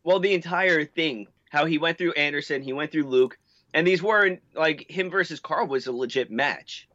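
A man co-hosting a casual chat podcast, relaxed and musing. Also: a little high, moderate pace, no echo. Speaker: podcast co-host. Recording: dry, dull lo-fi call audio.

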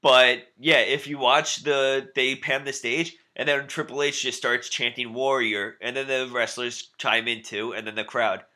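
A man's voice: mid-range voice, fairly even intonation, measured pace, few pauses, bright, forceful tone. A man co-hosting a wrestling podcast, chatting casually and enthusiastically, often restarting his sentences. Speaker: podcast co-host.

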